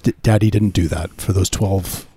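Mellow, husky man with stammering restarts. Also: sits low, normal speed, no room sound. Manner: stammering restarts, deadpan agreement with the bits. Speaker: podcast co-host. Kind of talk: casual comedic banter.

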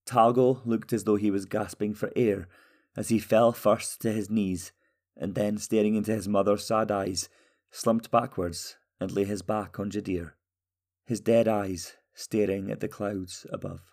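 A man reading a fantasy story aloud in a steady, even storytelling manner. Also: fairly low pitch, unhurried. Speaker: audiobook narrator. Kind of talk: scripted fantasy narration.

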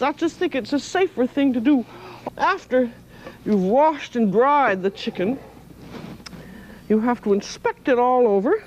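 Woman, TV chef, high voice, cooking demonstration, chatty instructions, faint background noise. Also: darkish tone, rough recording.

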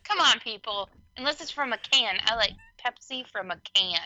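A woman co-hosting a casual podcast chat, playful and animated, quick to laugh and swear. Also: a little high, muffled recording, slight background noise. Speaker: podcast co-host.

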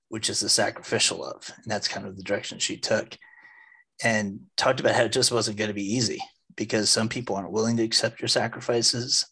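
A man co-hosting a casual faith podcast, telling a story in an animated way. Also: fairly low pitch, breathy edge. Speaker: podcast co-host.

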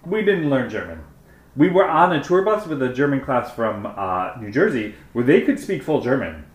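Podcast co-host, man in his forties from Wisconsin, animated storyteller, echoey room. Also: mid-range voice, moderate pace. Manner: animated, swearing, self-mocking storyteller. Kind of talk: casual chat, storytelling. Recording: roomy echo.

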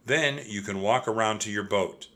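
A kindly monk with measured, old-fashioned speech, voiced by a man reading a storybook. His tone is bright and clear. He stays gentle even when he is urging people on. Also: lowish voice. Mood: earnest. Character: kindly middle-aged male monk, calm and urgent.

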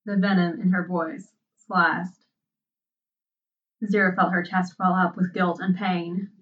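Woman reading a story out slow, soft, sounds far off and muffled. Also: fairly low pitch, little pitch movement. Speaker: narrator. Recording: dull, distant sound.

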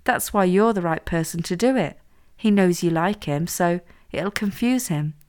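A woman's voice: fairly low pitch, moderate pace, darkish tone, clean tone, lightly acted. A woman voicing a confident, scheming young woman who pushes her friend around, in a read-aloud story. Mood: bossy. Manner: confident, pushy, teasing.

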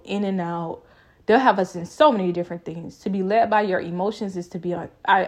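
A woman's voice: fairly low pitch, darkish tone. A young adult woman vlogging a personal faith reflection, with an emphatic, repetitive, preaching cadence.

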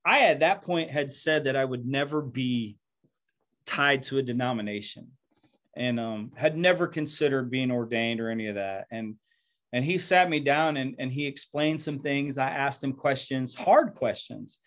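A man's voice: mid-range voice, normal speed, fairly bright tone. Earnest man pastor telling his story. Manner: earnest, reflective, often repeats words as he talks. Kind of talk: personal storytelling interview.

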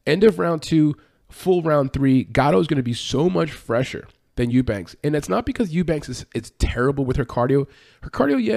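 A man hosts an MMA betting podcast, running through fight picks in a fast, casual, chatty way, full of fillers and correcting himself as he goes. His medium-pitched voice is a little mellow, captured in a dry, studio-quality recording.

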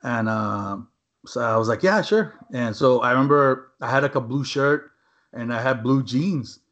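A man's voice: medium pitch, fairly even intonation, normal speed, a bit bright. A young man telling a story to friends in a rambling, profane way, with lots of "man" and "right?" tags. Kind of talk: casual storytelling among friends. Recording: dull lo-fi recording.

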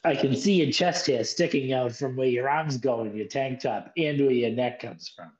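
A man's voice: medium pitch, normal speed, a little mellow, muffled recording. A man with a Boston accent co-hosting a casual podcast chat, given to playful mock-formal banter. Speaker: podcast co-host.

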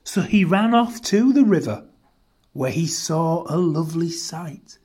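Rhyming picture-book reader, unhurried and animated, soft husky tone. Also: medium pitch. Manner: expressive, lilting rhyming delivery. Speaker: storyteller. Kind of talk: storybook read-aloud.

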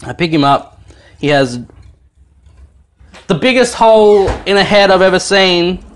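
A young man tells a family tale while cooking at home, his voice swooping widely through its range. He laughs often and swears freely in an easy, animated way. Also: high-pitched, a little slow, slight background noise. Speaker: dad telling a family story. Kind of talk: animated casual storytelling.

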